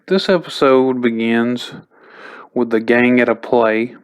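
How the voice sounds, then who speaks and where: A man's voice: medium pitch, fairly even intonation, slow, clean tone. A man giving a casual spoken recap as a TV episode reviewer, chatty and loose, with lots of "like" and "you know".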